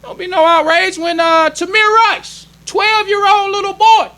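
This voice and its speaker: A man's voice: very high voice, little pitch movement, unhurried, sharp tone. A male minister preaching a sermon in an emphatic, conversational way, drawing call-and-response from the congregation.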